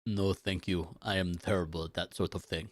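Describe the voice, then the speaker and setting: A co-reader doing a deadpan blunt bald man. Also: sits low, a little fast, no room sound. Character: stolid, literal-minded bald man, unamused companion.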